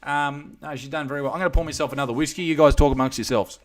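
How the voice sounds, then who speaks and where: A man's voice: fairly high pitch, steady tone, rapid-fire. An Australian man hosting a live stream, chatting casually with crude jokes. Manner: crude, joking banter. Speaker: comedian livestream host.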